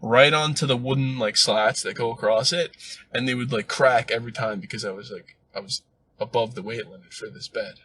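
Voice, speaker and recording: A young man co-hosting a podcast, telling stories in casual chat, animated and swearing freely. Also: mid-range voice, a little fast, a little hiss or hum. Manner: animated storyteller, swears freely, jumps into loud acted quotes. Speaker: podcast co-host.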